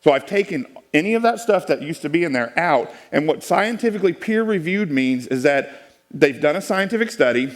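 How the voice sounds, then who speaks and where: A man's voice: on the high side, lively intonation, fairly quick. A man giving a folksy, joking presentation to a live audience, with many restarts. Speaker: speaker giving a talk.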